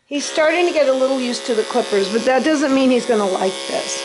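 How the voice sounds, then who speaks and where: A woman's voice: a little fast, background noise. Woman grooming a puppy over clipper buzz. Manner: calm explaining, soothing a squirming puppy with high coos. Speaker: dog groomer. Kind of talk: instructional grooming demo. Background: electric clippers and a puppy.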